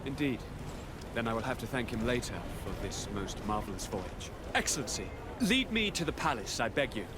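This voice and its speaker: An actor playing a cheerful, flamboyant young noble governor with a theatrical, courtly way of talking. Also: male voice, medium pitch, very animated, normal speed, lightly acted. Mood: playful. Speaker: new governor arriving in a colony city. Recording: game audio with loud ambient noise.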